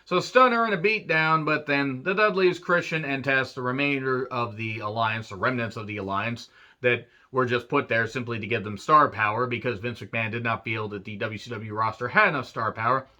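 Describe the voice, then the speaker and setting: A man's voice: mid-range voice, a little fast, sharp tone. A man giving a casual, profane recap of an old wrestling show, full of wry, rambling asides. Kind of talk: casual retro recap commentary. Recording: dull lo-fi recording.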